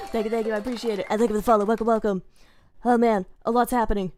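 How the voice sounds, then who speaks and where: A woman streamer reacting live, excitable and playful, greeting chat. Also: a little high, fast talker.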